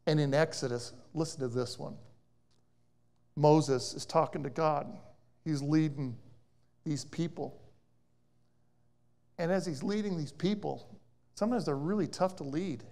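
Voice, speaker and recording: A man preaching a sermon as a guest speaker, telling a story with bursts of loud emphasis and quiet asides. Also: on the high side. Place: church service.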